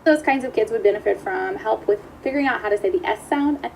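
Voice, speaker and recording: Woman, high-pitched, upbeat speech therapist explaining technique to camera. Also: quick pace, creaky, a little mellow, slight background noise, low-quality recording. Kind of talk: instructional video lesson.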